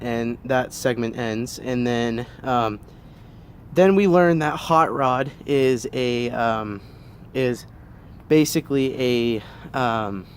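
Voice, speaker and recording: A man's voice: medium pitch, slight background noise. A man giving a casual spoken film review, hesitant, with many ums and restarts.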